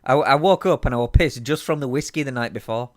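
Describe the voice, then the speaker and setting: A man's voice: medium pitch, quick pace, a little mellow, no echo. Drunk young guy co-hosting a podcast, rambling and swearing, dry close sound. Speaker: podcast co-host. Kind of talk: casual chat.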